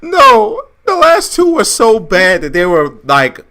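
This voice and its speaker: Animated, bright-voiced profane man. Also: high-pitched, a little slow. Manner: animated, profane, laughs a lot. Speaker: podcast co-host. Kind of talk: casual wrestling chat.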